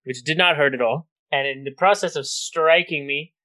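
A man's voice: a little high, moderate pace, bright, forceful tone, rough recording. A man telling a family story to his siblings in a casual chat, swearing freely and acting out the quotes.

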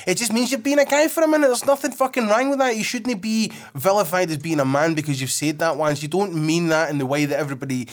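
A man's voice: high-pitched, fast, few pauses. A Scottish man hosting a casual podcast chat, swearing freely and laughing often. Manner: sweary, animated, laughs a lot.

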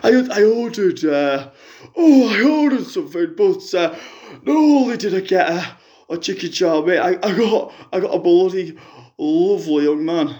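A man's voice: sits high, lively intonation, moderate pace, a little mellow, voice pushed up. A man voicing a brash, crude middle-aged woman calling in to a radio show, rambling and chatty. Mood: gossipy.

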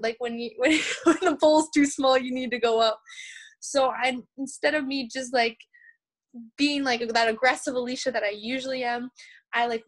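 A young woman from Canada, a pole vaulter and podcast guest, telling lively stories and laughing often. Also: on the high side. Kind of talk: podcast interview storytelling.

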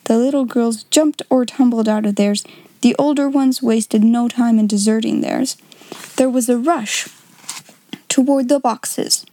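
A woman reading a storybook aloud in a measured, expressive way. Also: fairly high pitch, no room sound.

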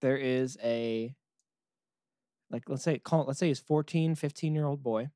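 A man's voice: mid-range voice, a little slow, dark tone, dry recording. A man telling a rambling comedic story in casual chat, acting out the characters. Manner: rambling, acts out characters, laughs often.

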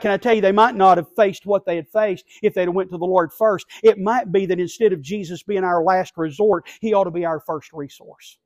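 A man preaching an impassioned sermon from a church pulpit, swinging between hushed lines and shouting. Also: high voice. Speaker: pastor.

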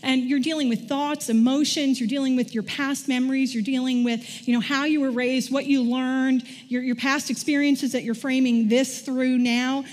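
A woman's voice: high voice, fairly even intonation, moderate pace, hardly any pauses, a little mellow. A middle-aged woman preaching a sermon in a conversational way, often asking the congregation questions. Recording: long church hall reverb.

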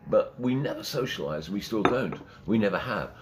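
An older man with a very deep voice tells stories with relish, mimicking the people he quotes and laughing along. A faint hiss sits under the recording. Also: a little fast. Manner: animated, acts out quotes and laughs. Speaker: interview guest, radio DJ and music man. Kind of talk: anecdotal storytelling.

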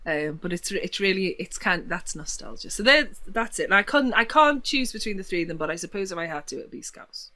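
Animated woman with a Liverpool accent. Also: brisk, hardly any pauses. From Liverpool, England. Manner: animated storyteller, laughs often, voice swoops high in anecdotes. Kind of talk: casual chat.

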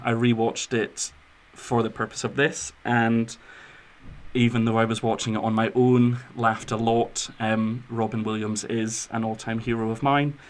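A young man co-hosting a podcast, chatting about films in an enthusiastic, rambling way with plenty of fillers. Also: medium pitch. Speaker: podcast co-host. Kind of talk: casual film chat.

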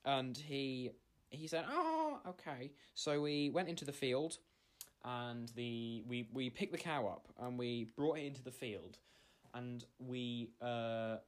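A man in a mid-range voice hosts a comedy podcast. He rambles and stammers through an improvised story, at times working himself up into a loud rant. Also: mid-range voice, steady tone, takes it slowly. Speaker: podcast host.

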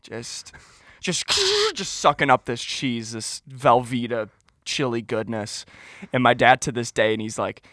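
Young male podcast co-host, bright and highly expressive storyteller, dry close mic. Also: measured pace, no room sound. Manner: animated storytelling with laughing and acted-out quotes. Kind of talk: casual chat.

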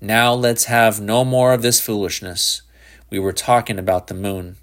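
A man's voice: lowish voice, fairly even intonation, moderate pace, fairly bright tone. A man voicing an exasperated father who speaks sharply and insists on hard truths. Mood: stern.

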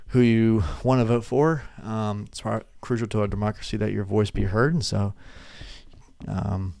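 A man's voice: lowish voice, creaky, darkish tone, dry recording, clean studio sound. A young man chatting casually to his webcam at his desk, rambling and swearing with laughing asides. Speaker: vlogger. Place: room at a desk. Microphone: desk webcam setup.

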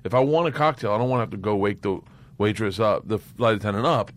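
Lower-voiced man with a big laugh. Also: fast. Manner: loud laugh, profane rambling anecdotes. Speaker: comedian guest. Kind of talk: casual podcast storytelling.

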